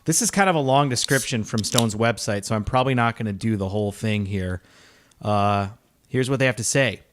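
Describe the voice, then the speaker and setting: A man's voice: on the low side, brisk, fairly bright tone. A man co-hosting a casual beer-review podcast, upbeat and chatty, laughing often. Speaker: podcast co-host.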